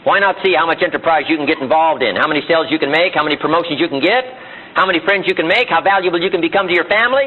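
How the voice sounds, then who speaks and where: Speaking rapid-fire in a slightly high voice, a man gives a live motivational talk to a seminar audience, driving points home with emphatic rhetorical questions and repeated lines. The old archival recording has phone-quality sound with slight background noise.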